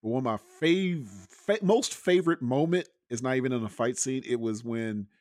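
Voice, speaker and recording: A man co-hosting a podcast in casual chat, relaxed, retelling scenes. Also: medium pitch, normal speed, no room sound, studio quality. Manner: relaxed, storytelling. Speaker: podcast co-host.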